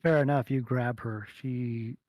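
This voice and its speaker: A man's voice: mid-range voice, fairly even intonation, measured pace, a little mellow, no echo. A man narrating as game master of a streamed tabletop game, rambling with fillers and humming to himself. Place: home streaming setup.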